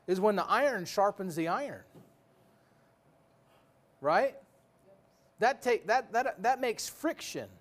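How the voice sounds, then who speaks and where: A man's voice: high-pitched, expressive, takes it slowly, pauses often, fairly bright tone. A man preaching a sermon in a folksy, joking way, full of rhetorical questions.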